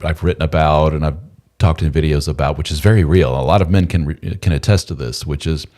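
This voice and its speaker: A man hosting a live chat, telling stories with lively acted-out quotes. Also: extremely low pitch, fairly quick. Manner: animated storytelling, acts out quoted voices. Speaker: podcast host.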